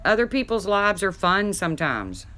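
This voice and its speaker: A woman hosting a casual livestream, reading viewer comments aloud and chatting, with a deep voice people mistake for a man's. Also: very animated, normal speed, pushed and bright. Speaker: livestream host.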